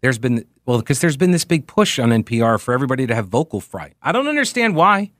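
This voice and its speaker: Very animated and quick, this medium-pitched, slightly bright voice belongs to a radio talk show host in his forties from Charlotte, North Carolina. His casual monologue with readings wanders through tangents with plenty of self-mockery, captured in clean studio sound without room sound.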